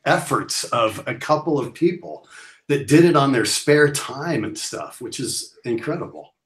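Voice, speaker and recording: Man, podcast co-host, relaxed drawl, laughs along, roomy echo, mid-pitched voice. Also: a little slow. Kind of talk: casual live-stream chat. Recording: echoey room sound.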